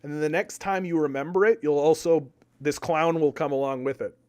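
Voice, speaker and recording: Young man, fairly high voice, animated, casual stream commentary, repeats himself. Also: a little fast, clear, resonant tone. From Canada. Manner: animated, repeats words, argues with chat.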